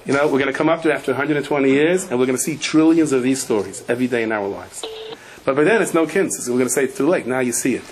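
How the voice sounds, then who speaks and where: Animated male rabbi telling a story. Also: mid-range voice, fast, a crowd in the background. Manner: animated storyteller, acts out the people in his stories. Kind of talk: sermon with storytelling.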